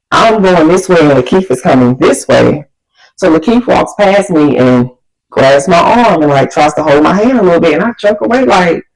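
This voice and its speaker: A woman vlogger telling a storytime tale in an animated, chatty way, talking straight to her viewers. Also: low voice, low-quality recording. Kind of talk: storytime vlog.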